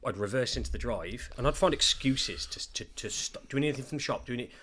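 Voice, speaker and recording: A man's voice: medium pitch, fast talker, fairly bright tone, slight background noise. A man, a father co-hosting a podcast, telling his story openly and emotionally with some swearing. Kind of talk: candid podcast chat.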